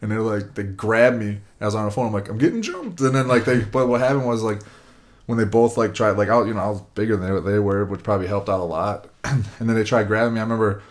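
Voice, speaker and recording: A man's voice: lowish voice, steady tone, fast. A man, around his twenties, telling a long casual story, rambling with lots of fillers. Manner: rambling, lots of "like" and "you know".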